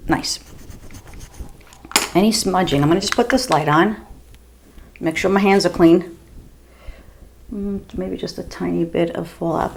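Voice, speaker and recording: A woman's voice: fairly low pitch, slight background noise. A woman in her fifties from the US East Coast, chatting bluntly while she does her makeup at home, with the odd swear word. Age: 50s. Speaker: beauty vlogger. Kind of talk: casual makeup tutorial chat.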